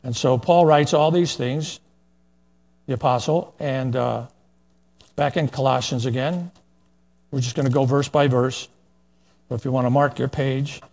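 An older man preaches verse by verse in a plain, folksy way, pausing on fillers and side remarks. His voice is breathy and husky, in a middle pitch. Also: fairly even intonation, darkish tone. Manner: plain-spoken, folksy, with frequent fillers and asides. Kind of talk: verse-by-verse sermon.

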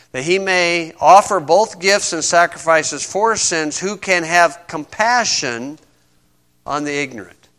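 High, bright-voiced male preacher. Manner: conversational preaching, asks the congregation questions. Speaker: pastor. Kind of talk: sermon.

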